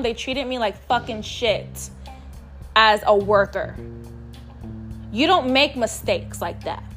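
A woman from New York City, voice on the high side and a bit bright, tells a personal story on her podcast as a casual monologue. She speaks candidly and emphatically, swears freely, and addresses listeners as "y'all."

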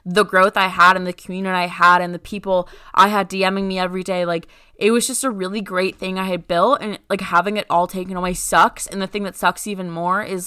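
A young woman co-hosts a podcast, rambling through a story in casual chat and saying "like" constantly. Her lowish voice is steady, bright, forceful and smooth, moving fairly quickly with few pauses, in a dry recording with clean studio sound.

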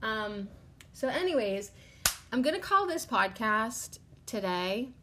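A woman's voice: medium pitch, animated, slow, pushed and bright, a little hiss or hum. A woman hosting her own podcast in a casual, rambling monologue, full of "like" fillers, tearful and trying not to cry. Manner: rambling, lots of "like" fillers, emotional. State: tearful, holding back crying. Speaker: podcast host.

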